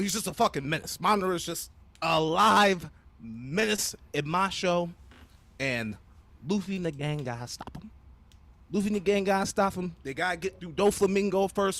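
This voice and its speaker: Young male panelist, high and expressive, swearing freely in a loose story. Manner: animated, profane, slangy storytelling. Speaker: podcast panelist. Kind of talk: casual storytelling chat.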